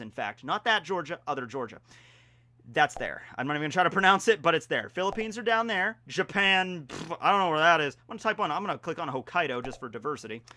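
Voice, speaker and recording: With a bright, forceful tone pitched a little high, the young man from Pennsylvania, USA, offers rambling, casual commentary on a geography quiz, poking fun at himself along the way.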